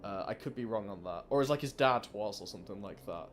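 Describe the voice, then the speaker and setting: A man's voice: fairly low pitch, expressive, fast, a little hiss or hum. A man hosting a let's play, chatting casually and rambling with many restarts. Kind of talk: casual gameplay commentary.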